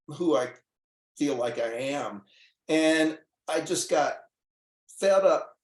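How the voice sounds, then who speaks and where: A man, a guest doctor, telling his story in casual talk, earnest and animated, acting out the dialogue as he goes. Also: mid-range voice, reverberant. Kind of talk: casual storytelling on a call-in show.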